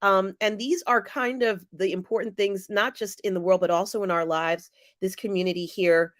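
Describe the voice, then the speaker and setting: A woman hosts a live chat and speaks to her viewers by name at a middling pitch. She sounds teary and moved, and her talk is chatty and full of fillers. The recording is close and dry, with no room sound. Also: fairly even intonation, no room sound. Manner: warm, chatty, often pausing with fillers. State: teary and emotional. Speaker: livestream host reading viewer comments. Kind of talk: casual live-chat commentary.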